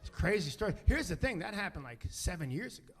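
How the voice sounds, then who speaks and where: A man in his fifties doing stand-up storytelling on stage, animated and profane, acting out other people's voices. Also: high voice, quick pace. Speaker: stand-up comedian. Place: comedy stage before an audience.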